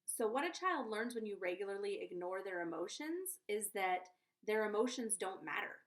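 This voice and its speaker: A woman speaks straight to her viewers in a casual advice vlog, earnest and chatty. She keeps turning back to her audience to check they are following. Her voice sits at an ordinary middle pitch. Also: sing-song, moderate pace. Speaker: conscious parenting coach.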